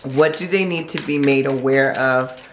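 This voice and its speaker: Low-voiced woman reading tarot, echoey room. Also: normal speed, slight background noise. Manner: reflective, asks many rhetorical questions. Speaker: tarot reader. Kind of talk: tarot forecast monologue.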